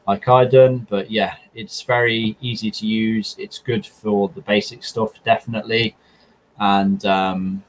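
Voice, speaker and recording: Laid-back man, slightly low voice. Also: slight background noise, low-quality recording. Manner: relaxed, rambling, many ums and restarts. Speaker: car channel host answering viewer questions. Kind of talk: casual chat.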